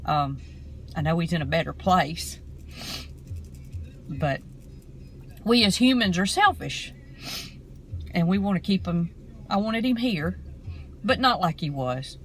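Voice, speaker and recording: A middle-aged woman, talking casually to camera from her car in an earnest, rambling, halting way. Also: on the low side, expressive, soft background music, rough recording. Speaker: vlogger.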